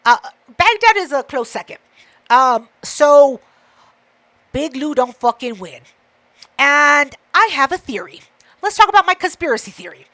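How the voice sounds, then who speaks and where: A woman co-hosting a podcast, telling a story in casual chat, profane and animated, acting out what others said. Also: sits high, a little slow. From Mexican heritage. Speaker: podcast co-host.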